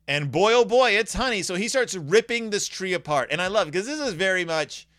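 Animated, jokey man reviewing a storybook. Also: high-pitched, brisk, no room sound, clean studio sound. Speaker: YouTube book reviewer. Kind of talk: casual book review.

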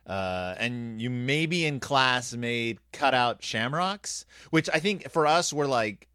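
A man's voice: medium pitch, animated, slow, sharp tone, clean tone, no room sound, studio quality. A man telling a rambling, wry story in a casual monologue, full of self-deprecating jokes.

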